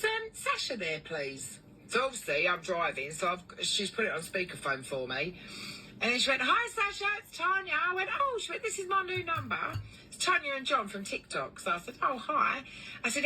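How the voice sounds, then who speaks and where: A woman who runs a cleaning business, telling a long story in a chatty, animated way with lots of fillers. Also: medium pitch, recorded from a distance, a little hiss or hum, poor audio. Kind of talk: casual storytelling vlog.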